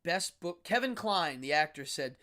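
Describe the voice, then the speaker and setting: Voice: mid-range voice, animated, moderate pace, bright, forceful tone. A host in their fifties talking alone on a live stream, in a teacherly way, enunciating carefully and stretching words for emphasis. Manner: demonstrative, teacherly, acts out sounds. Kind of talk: casual solo live-stream monologue.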